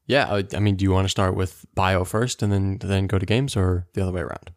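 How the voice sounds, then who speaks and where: A man co-hosting a casual board game podcast, teasing his co-host in a dry, deadpan way, recorded close on a podcast mic. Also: deep voice, quick pace, no echo. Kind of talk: casual chat.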